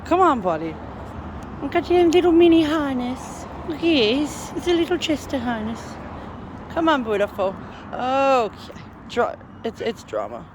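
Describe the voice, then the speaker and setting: A woman's voice: sits high, very animated, a little slow. A woman outdoors on a street, coaxing her pet along with affectionate, laughing casual talk. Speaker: vlogger walking her cat on a leash. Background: faint street and traffic noise.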